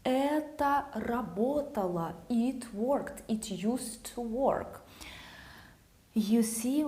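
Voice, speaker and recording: A woman's voice: fairly high pitch, animated, slow, warm tone. A woman with a Russian accent teaching grammar, patiently repeating example phrases. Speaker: language teacher.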